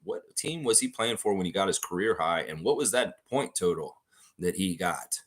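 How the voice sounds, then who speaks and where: A man runs a casual online trivia show, calling out viewers' guesses as right or wrong. His pitch swings freely, rising high when he is amused, and he keeps up a steady stream of chatter and light laughter. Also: moderate pace, breathy edge. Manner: chatty, reads out viewer answers, laughs often. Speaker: trivia quiz host. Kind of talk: casual livestream quiz hosting.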